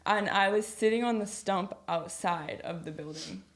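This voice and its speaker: A young adult woman talking as a podcast guest, telling her personal faith story in a casual, chatty way, full of "like" and quick laughs. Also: mid-range voice. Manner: chatty, filler-heavy with frequent "like"; laughs easily mid-story.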